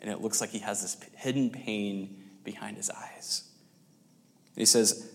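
A man preaching a sermon, telling a story with pauses and restarts and dropping to near-whispers. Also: lowish voice, fairly even intonation, creaky.

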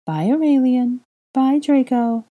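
A woman's voice: high voice, expressive, takes it slowly, narrow, tinny audio, voice pushed up. A woman voicing an airy, blunt young witch who speaks lightly and without tact.

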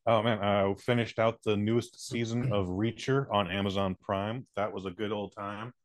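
A man's voice: on the low side, fairly even intonation, normal speed, no echo. A man co-hosting a podcast, chatting in a laid-back way, swearing and using plenty of fillers. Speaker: podcast co-host. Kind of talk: casual chat.

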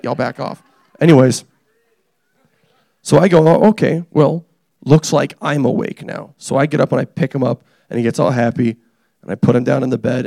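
A young man preaching a casual, energetic sermon, joking and teasing the congregation as he tells stories about his family. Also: mid-range voice, gravelly, no echo, clean studio sound. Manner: animated, joking, self-deprecating. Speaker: pastor.

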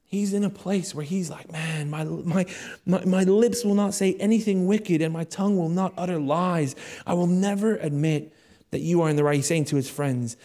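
A young British man preaching a sermon as a pastor, swinging between loud raised appeals and hushed, quick asides. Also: high voice. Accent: British English.

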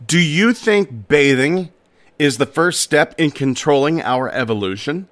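A man voicing an odd, emotionless man in black who asks strange questions in a flat way. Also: fairly high pitch, a little slow. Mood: deadpan.

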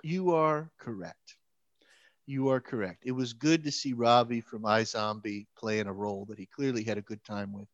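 A man co-hosting a podcast in casual chat, animated, laughing often, repeating words and acting out quotes. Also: fairly low pitch, normal speed, dry recording, highs cut off. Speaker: podcast co-host.

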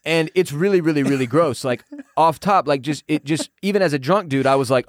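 A man in his thirties, a podcast co-host, telling a story in casual chat, animated and profane, laughing as he goes. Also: fairly high pitch, brisk, no room sound.

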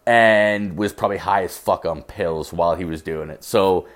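A man's voice: deep voice, moderate pace. Profane, rowdy young man telling stories. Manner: profane, rowdy, acts out both sides of dialogue. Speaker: podcast host. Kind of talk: casual storytelling monologue.

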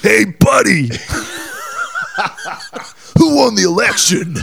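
A man voicing a frail, petite Eastern European grandmother in her late sixties, with an Eastern European accent and a loud, clingy manner. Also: high-pitched, big pitch swings, slow, vocal fry, voice pushed up, full character voice. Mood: chummy.

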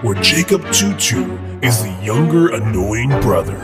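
A booming movie-trailer announcer, as a man puts on the voice, slow and deep with big swoops in pitch. Music plays loudly under him. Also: sing-song. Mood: dramatic.

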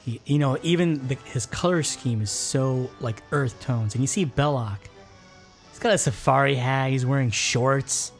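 A man's voice: mid-range voice, moderate pace, faint music behind. A man co-hosting a casual movie commentary podcast, chatting enthusiastically. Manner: enthusiastic, chatty, many restarts. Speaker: podcast co-host.

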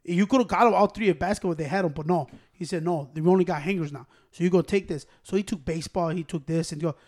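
A young man telling a story in casual chat with friends, profane and animated, breaking into laughs. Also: high-pitched, fast talker. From Hispanic American.

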